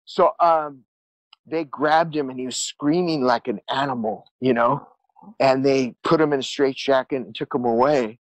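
A man's voice: medium pitch, normal speed, dry recording, rough recording. A man telling his life story as a podcast guest, earnest and rambling, repeating words and acting out what people said. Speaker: guest musician. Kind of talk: candid storytelling interview.

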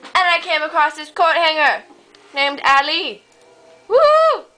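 Bright high-voiced woman rambling a silly tale. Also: a little slow, faint music behind, rough recording. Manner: rambling and deadpan, full of "you know" and "I was like". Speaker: storyteller. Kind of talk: improvised comic story narration.

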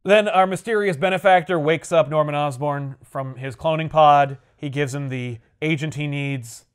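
A man's voice: fairly high pitch, moderate pace, smooth. A man casually recapping a comic book story, acting out characters' lines as he goes. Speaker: podcast host.

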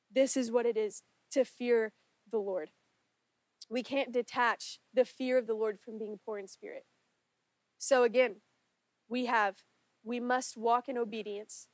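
A woman's voice: on the high side, fairly even intonation, a little slow, pauses often, no echo. A woman preaching a sermon in church, earnest and pleading, her voice rising in intensity when she prays aloud. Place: church sanctuary.

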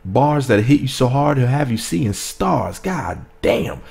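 A young man doing a casual commentary vlog, reading quotes aloud and hyping them up with animated reactions. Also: mid-range voice, measured pace, creaky, breathy edge. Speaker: celebrity gossip vlogger.

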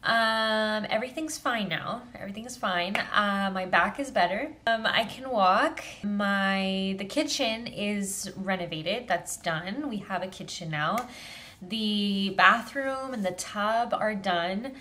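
A woman's voice: mid-range voice, slow, pushed and bright. A woman in her twenties chatting casually to camera in a vlog, effusive and exclamatory. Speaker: vlogger.

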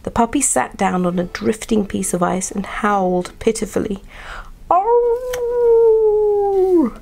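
A woman reading a children's bedtime story aloud in a soft, partly whispered voice. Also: medium pitch, fairly even intonation, normal speed, creaky.

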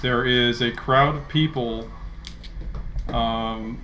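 A man's voice: medium pitch, steady tone, drawn-out words, background noise. A man narrating a tabletop game as dungeon master, with many fillers and restarts. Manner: hesitant, filler-heavy narration. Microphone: console party chat.

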